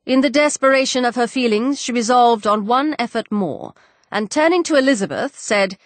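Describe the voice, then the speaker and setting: A woman narrating an audiobook in an animated storytelling manner, giving each figure a voice of its own. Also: a little high, moderate pace, dry recording.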